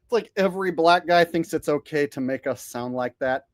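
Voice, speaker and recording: A man's voice: fairly high pitch, moderate pace, dry recording, clean studio sound. A man hosting a casual commentary monologue, sardonic and conversational. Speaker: commentary channel host.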